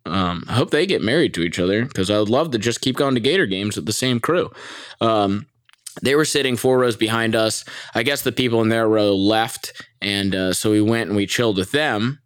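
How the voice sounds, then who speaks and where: Animated, profane young man telling a story. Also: dry recording, studio quality. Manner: animated, profane, laughs often, mimics people in high voices. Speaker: vlogger. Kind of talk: casual storytelling.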